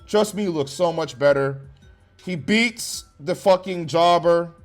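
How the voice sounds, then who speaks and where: A man tears into a wrestling show with blunt, sweary sarcasm. His voice sits a little high for a man. Soft music plays faintly behind him. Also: measured pace. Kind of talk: profane ranting review.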